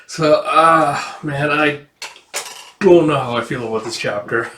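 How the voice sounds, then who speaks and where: A man casually reviewing a manga chapter, rambling with lots of fillers and quick laughs. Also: on the high side, pushed and bright, reverberant. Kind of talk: casual commentary.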